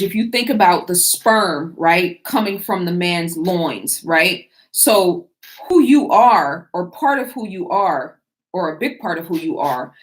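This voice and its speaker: A middle-aged woman hosting a live Q&A, talking to her viewers in a loose conversational way with frequent fillers and restarts. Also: on the low side. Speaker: host answering viewer questions. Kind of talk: casual live Q&A talk.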